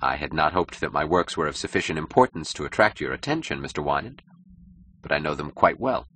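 Guy reading as a cool sardonic rich publisher, low deep voice, calm and cutting. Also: fairly quick, heavily acted. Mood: mocking. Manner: smooth, grave, mocking. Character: suave cynical powerful older male publisher.

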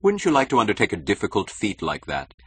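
A man voicing a suave, scheming male critic who talks in a smooth, condescending, measured way. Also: lowish voice, wildly swooping pitch, pitched above the performer's own voice, exaggerated voice. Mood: sly.

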